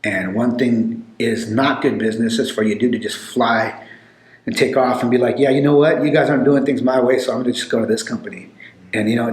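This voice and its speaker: A man spins casual stories in a loose, rambling way, full of fillers. His voice sits at a middle pitch, and the room gives it a noticeable echo. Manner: rambling, animated storytelling with many fillers. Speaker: podcast guest telling stories. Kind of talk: casual storytelling. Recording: echoey room.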